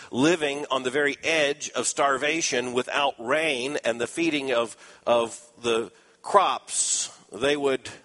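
A man's voice: mid-range voice, fairly bright tone, in a large hall. A man preaching a sermon, explaining scripture earnestly with dry asides.

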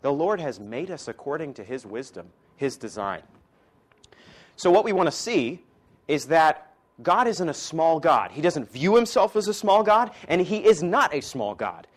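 Man preaching with big loud-to-soft swings. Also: on the high side, very animated, normal speed. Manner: swings from loud emphatic declarations to soft quiet asides, joking with the audience. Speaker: preacher and teacher. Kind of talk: sermon to a class.

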